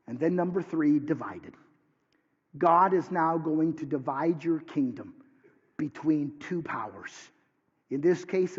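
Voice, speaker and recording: A man who is a pastor, preaching a sermon with dramatic swings from hushed lines to near shouts. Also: sits high, husky. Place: church sanctuary. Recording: dull sound with long hall reverb.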